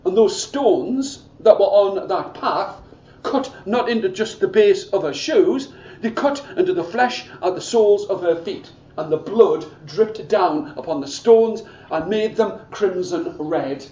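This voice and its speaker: A man storytelling to schoolchildren in an expressive way, asking them to join in, recorded from far off in an echoey school room. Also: sits high, unhurried. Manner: expressive, asks the audience to join in.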